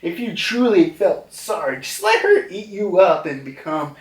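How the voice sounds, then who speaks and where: A man voicing a cold, domineering giant pirate matriarch who talks slowly and dismissively. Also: high-pitched, huge pitch swings, pitched above the performer's own voice, heavily acted. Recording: roomy, distant from mic.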